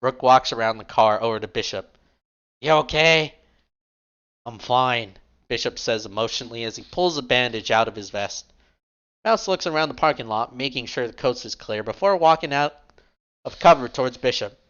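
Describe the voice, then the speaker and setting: A man's voice: medium pitch, fairly quick, fairly bright tone, dull audio. A man narrating a tabletop role-play game in a casual way, feeling lightheaded. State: lightheaded, unwell. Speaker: game master.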